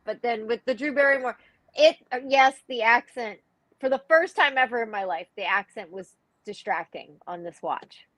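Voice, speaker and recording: A woman's voice: fairly high pitch, animated, moderate pace, fairly bright tone, no echo, poor audio. A woman chatting casually on a video call, playful, acting out her own reactions with quoted asides. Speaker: panelist. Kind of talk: casual group chat on a live video call.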